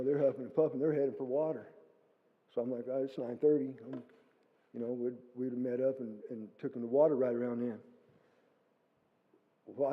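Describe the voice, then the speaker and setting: A middle-aged man giving a guest testimony in a church hall, telling his story in a lively way and acting out what he said. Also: medium pitch. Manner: animated storytelling, acting out his own quotes. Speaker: guest speaker. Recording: phone-like lo-fi sound with long hall reverb.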